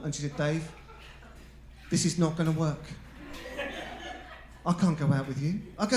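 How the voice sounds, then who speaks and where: A man doing a stand-up comedy set, telling stories with animated character voices and shouted punchlines. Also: fairly high pitch, moderate pace, long pauses, slight background noise. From England. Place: comedy club stage before a live audience. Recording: echoey club room with live audience.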